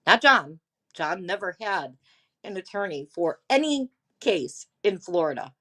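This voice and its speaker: A woman streamer chatting casually with her viewers, animated and drawn-out, reading documents aloud. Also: lowish voice. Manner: animated, drawn-out, talks to chat. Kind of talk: casual livestream chat.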